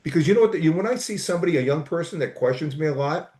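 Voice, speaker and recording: A man's voice: fairly high pitch, animated, very fast, darkish tone. A middle-aged man, a guest telling stories in a casual chat, enthusiastic and rambling with restarts. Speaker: podcast guest, entrepreneur. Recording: echoey room.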